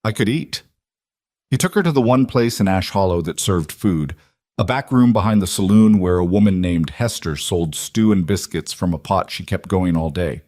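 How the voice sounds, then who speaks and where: A male narrator reads a scripted story in a low, even voice. His delivery is steady and unhurried. The recording is close-miked and dry, with no room sound. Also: no room sound.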